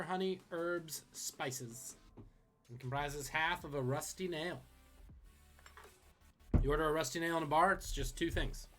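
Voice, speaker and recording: Wisecracking male trivia host, higher voice. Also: a bit bright. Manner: joking, quick wisecracking asides. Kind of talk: live-streamed trivia quiz.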